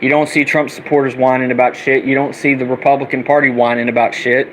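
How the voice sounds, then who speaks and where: A man's voice: medium pitch, little pitch movement, fast, fairly bright tone, a little hiss or hum, low-quality recording. A young man ranting angrily and profanely, repeating himself as he goes. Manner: heated, profane, repetitive ranting. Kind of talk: angry political rant vlog.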